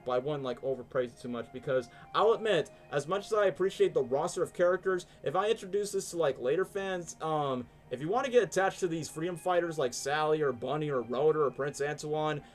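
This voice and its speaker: A young man hosting a live stream, chatting casually and animatedly with lots of fillers. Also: on the high side. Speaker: stream host. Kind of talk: casual chat, ranking shows live.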